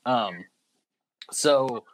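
A man from North Alabama, a guest in a casual chat, talking in a relaxed way with lots of "like" filler. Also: mid-range voice, extremely slow. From North Alabama, United States. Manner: relaxed, chatty, many fillers like "like".

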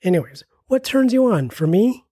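A man in his mid-forties with a slightly husky voice delivers a scripted comedy ad with a wry, self-deprecating tone. The sound is dry and close, with no room around it. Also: sits high, sing-song, normal speed, mellow, dry recording. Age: 40s. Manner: self-mocking, rambling asides. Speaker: comedy podcast promo reader. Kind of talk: jokey scripted ad read.

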